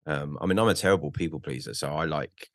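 Low-voiced man, hesitant and candid. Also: quick pace, fairly bright tone, dry recording, studio quality. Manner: hesitant, many restarts and fillers, swears freely. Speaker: podcast guest, author. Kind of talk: casual chat.

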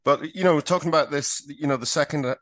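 A man hosting a casual chat show, affable and quick with agreeing murmurs. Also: a little high, a bit bright, no echo. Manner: affable, lots of "mm-hmm" backchannel. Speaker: host.

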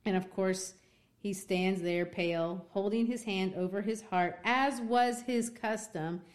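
A woman's voice: mid-range voice, unhurried. A woman teacher walks her class through a story. She talks in a loose, chatty way, full of fillers and asides. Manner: casual, chatty retelling with many fillers. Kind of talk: classroom literature lesson.

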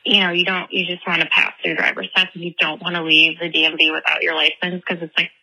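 A woman's voice: lowish voice, level tone, quick pace, gravelly, sharp tone, poor audio. A young woman from the Chicago area leaving a rambling voicemail, telling a story with frequent giggles. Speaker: voicemail caller. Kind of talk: voicemail anecdote.

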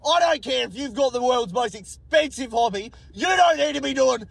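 A man with an Australian accent calling in to rant loudly about holdups while driving. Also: extremely high pitch, expressive, normal speed, vocal fry, husky, dry recording. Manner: ranting, shouting in frustration. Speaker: caller. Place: driving in a vehicle.

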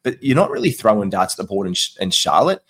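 Man, husky, slightly low voice, animated, chatty podcast co-host. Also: fast talker. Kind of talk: casual podcast chat.

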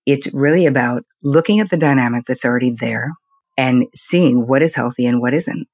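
An older woman, a psychotherapist and podcast guest, telling candid stories about family in a lively, conversational way. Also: a bass voice, no echo. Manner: candid, animated storyteller, speaks in quick bursts. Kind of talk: conversational interview storytelling.

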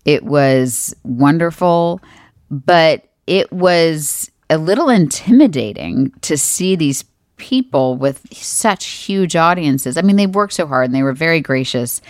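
Chatty woman podcast co-host, low voice. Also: slow, no room sound, studio quality. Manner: chatty, animated storytelling. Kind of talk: casual chat.

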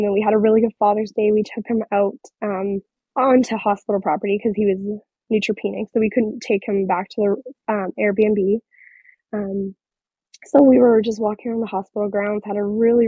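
Husky woman, halting speech. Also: medium pitch, dry recording. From Northern Ontario, Canada. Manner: halting, hesitant, many fillers. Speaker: guest. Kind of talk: personal storytelling in an interview. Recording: slightly muffled recording.

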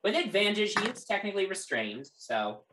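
A woman's voice: mid-range voice, big pitch swings, a little fast, background noise. A woman running a tabletop game as game master, giving rulings with frequent ums and uhs. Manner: hesitant, ruling on actions.

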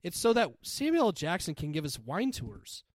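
A man co-hosting a casual movie chat, joking and quick to laugh. His voice is high for a man and swings widely in pitch. The recording is dry and close. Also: huge pitch swings, no echo. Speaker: podcast co-host.

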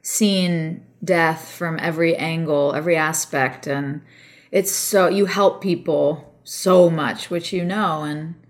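A woman's voice: deep voice, steady tone, takes it slowly. A woman co-hosting a casual chat, speaking to the guest in an encouraging way. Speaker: podcast co-host.

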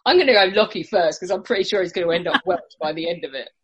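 A woman's voice: on the low side, animated, rapid-fire, husky. A woman hosting a casual panel chat, teasing her guests and laughing often. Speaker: podcast host.

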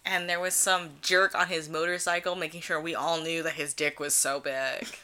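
A woman's voice: sits low, flat delivery, normal speed, pushed and bright. A woman with a cold co-hosting a casual podcast recap, making dry, sarcastic asides. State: has a cold. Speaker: podcast co-host.

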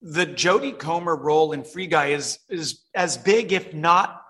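A man, a film director, telling animated stories as an interview guest and acting out the voices of others. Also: on the high side, a little slow. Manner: animated storyteller, reenacts voices.

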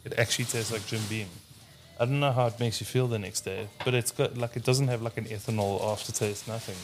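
A man's voice: medium pitch, fairly even intonation, fast talker, over music. A South African man co-hosting a casual podcast, laid-back and saying dude a lot. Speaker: podcast co-host. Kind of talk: casual chat.

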